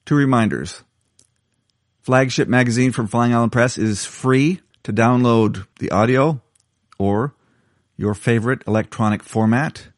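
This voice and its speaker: A man reading his own short stories aloud in a measured storytelling delivery. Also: mid-range voice, dry recording, studio quality. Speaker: contributing story writer.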